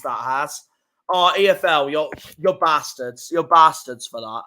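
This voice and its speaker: A young man streaming live, reacting to football fixtures, swearing and fuming with loud outbursts. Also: fairly high pitch, a little slow. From England. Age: young adult.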